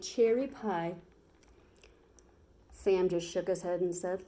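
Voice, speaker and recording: A woman teacher reads a picture book aloud to children. She tells the story in a lively, expressive way, lifting her voice at the exciting parts. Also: fairly low pitch, measured pace, pauses often.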